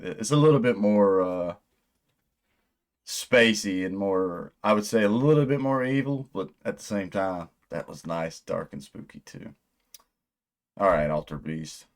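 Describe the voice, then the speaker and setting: A man hosting a music reaction video, chatting casually in a rambling, excitable way and swearing often. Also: low voice.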